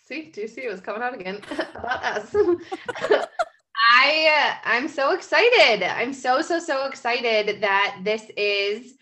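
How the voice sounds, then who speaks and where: A woman co-hosting a casual podcast, animated, laughing often and swearing freely. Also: a little high, takes it slowly. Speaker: podcast co-host.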